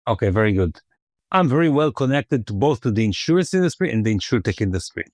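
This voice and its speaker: A man's voice: medium pitch, big pitch swings, fast, a little mellow, dry recording, studio quality. Man talking as a podcast guest. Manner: thoughtful, with frequent fillers and restarts. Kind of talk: conversational interview.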